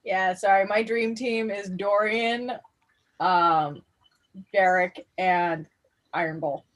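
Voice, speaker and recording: A woman's voice: mid-range voice, takes it slowly. A woman running a tabletop game, chatting with laughter and enthusiasm between bits of scene narration. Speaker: game master. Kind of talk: casual chat and game narration.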